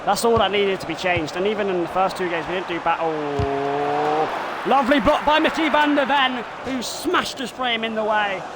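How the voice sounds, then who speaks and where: A man streaming a football video game live, calling the action like a broadcaster and bursting into shouts of excitement at the goals. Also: high-pitched, normal speed, heavy background noise. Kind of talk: live gameplay commentary in broadcaster style.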